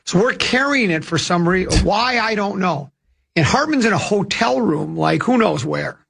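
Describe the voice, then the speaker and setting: Older male radio host, high-ish gravelly voice, rambling anecdotal chatter. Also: expressive, moderate pace, a bit bright. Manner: rambling, with many restarts and self-amused asides. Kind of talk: casual radio chat and storytelling.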